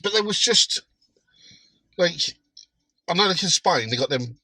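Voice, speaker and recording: A man's voice: on the high side, animated, measured pace, pushed and bright, dry recording. A man in a casual podcast chat, laid-back and prone to chuckling. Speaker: podcast co-host.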